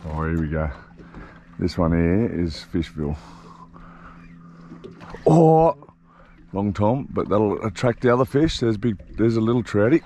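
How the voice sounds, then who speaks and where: An Australian man giving excited running commentary while fishing from a boat, swinging from loud shouts to low coaching mutters. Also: a little slow, pauses often, slight background noise. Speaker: fishing vlogger. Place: boat on the open sea, outdoors. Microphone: action camera.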